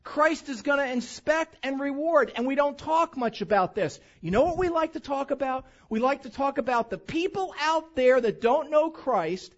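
Male preacher, lively pitch swings, slightly dull lo-fi church recording. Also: moderate pace, hardly any pauses. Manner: lively, animated preaching with mock-drawl asides. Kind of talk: sermon with humorous anecdote. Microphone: handheld or stage microphone.

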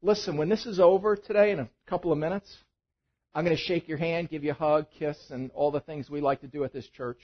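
A male pastor preaching a sermon, swinging between loud emphatic bursts and quiet asides. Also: on the high side, fairly even intonation, brisk, breathy edge, dull audio. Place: church.

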